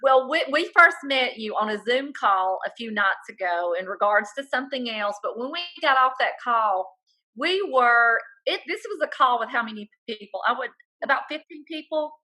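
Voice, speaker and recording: Woman host on a video call, higher-pitched and bright, effusive and earnest. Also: lively intonation, normal speed, low-quality recording. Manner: effusive, earnest, stretches key words. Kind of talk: hosting a video call interview.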